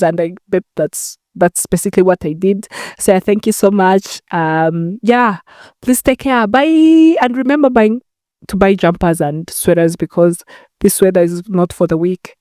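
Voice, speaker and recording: Chatty young woman podcaster, dark voice. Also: lowish voice, fairly even intonation, moderate pace, dry recording, clean studio sound. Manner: chatty, rambling, acts out phone calls. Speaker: podcast host. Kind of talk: casual solo podcast chat. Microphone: talking to a camera.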